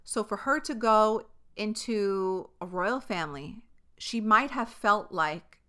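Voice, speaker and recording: Brief: young New York-accented woman, podcast host, frank and chatty, bright crisp tone. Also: mid-range voice, slow pace. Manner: chatty, frank, swears, lots of filler words. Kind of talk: casual solo podcast monologue.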